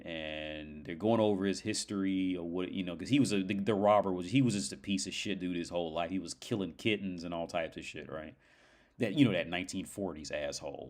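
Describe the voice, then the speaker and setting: A man's voice: low voice, fairly quick. A man hosting a livestream, telling a story in a rambling, profane way with lots of fillers. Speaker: livestream host. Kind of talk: casual livestream chat.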